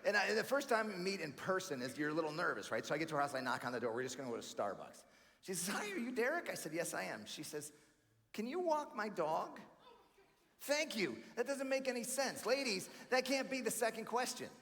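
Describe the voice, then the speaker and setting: Energetic stand-up man in a big hall. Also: on the high side, fast, gravelly, few pauses. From New York. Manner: energetic, chatty, calls the crowd friends and man. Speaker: comedian and keynote speaker. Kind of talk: stand-up comedy at a banquet. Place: large banquet hall. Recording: live hall reverb with faint room noise.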